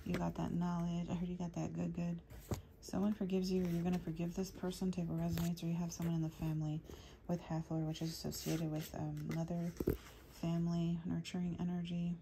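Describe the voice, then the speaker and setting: A woman giving a channeled tarot reading to her viewers, speaking low and hushed, sometimes slipping into a whisper, rambling through lists of names. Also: flat delivery, brisk, vocal fry, background noise. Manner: rambling, listing names as they come. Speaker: tarot reader.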